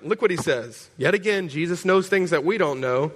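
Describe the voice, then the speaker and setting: A man preaching a sermon as pastor, animated and joking, acting out voices. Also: fairly high pitch, a little fast, husky. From Texas.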